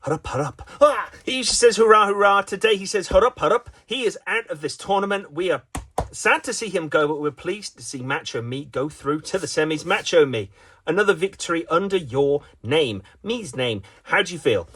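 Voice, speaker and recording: Żartobliwy komentator gry w kości. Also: male voice, a little high, expressive, a little fast, a bit bright, husky. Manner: playful, jokey, with frequent fillers and restarts. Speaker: commentator. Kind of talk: mock sports commentary of a solo dice game.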